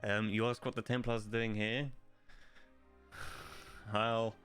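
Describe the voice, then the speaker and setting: A man's voice: lowish voice, flat delivery, slow, fairly bright tone, clear, resonant tone, soft background music. A man playing a tabletop game, blunt and profane in banter. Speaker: player.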